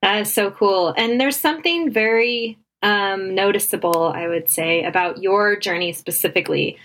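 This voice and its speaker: A woman's voice: medium pitch, normal speed, few pauses, fairly bright tone, rough recording. Upbeat woman interviewer, friendly casual host. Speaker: podcast host.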